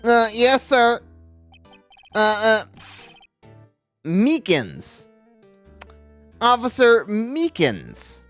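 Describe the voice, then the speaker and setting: A man's voice: very high voice, big pitch swings, very slow, long pauses, a bit bright, soft background music, pitched above the performer's own voice, heavily acted. A man voicing a nervous young male rookie police officer who stammers and keeps saying sir. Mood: flustered. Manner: stammering, eager, over-polite.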